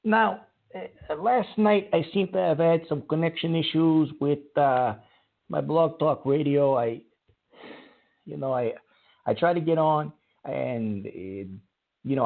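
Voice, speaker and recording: A man's voice: on the high side, gravelly. Rambling man on a tinny call-in show. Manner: rambling, halting restarts. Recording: tinny phone-line sound.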